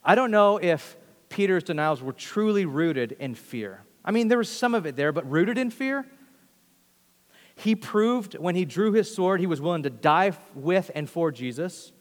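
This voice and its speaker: A male pastor delivering a sermon in an animated storytelling way, moving from raised, excited passages to soft, hushed ones. His voice sits a little high for a man and trails off into a long hall reverb. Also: normal speed. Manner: animated storytelling, acts out quotes, swings loud to hushed.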